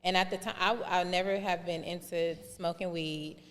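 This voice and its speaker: Lively woman telling her story in a reverberant room. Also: fairly low pitch, normal speed. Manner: animated storyteller who acts out quoted dialogue. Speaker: podcast guest. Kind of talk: candid storytelling on a podcast.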